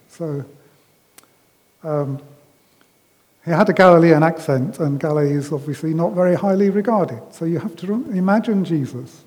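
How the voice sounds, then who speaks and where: A man giving a conversational sermon as a preacher, unhurried, with frequent ums and restarts, recorded in a large hall. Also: fairly high pitch, warm tone. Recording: long reverb of a hall.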